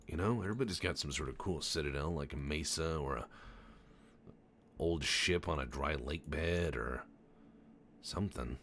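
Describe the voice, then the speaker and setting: A man's voice: rumbling low, normal speed, a bit bright. A young adult man giving casual, profane, joking commentary over a game he is playing, rambling into stories. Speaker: gameplay commentator. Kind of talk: casual let's-play commentary.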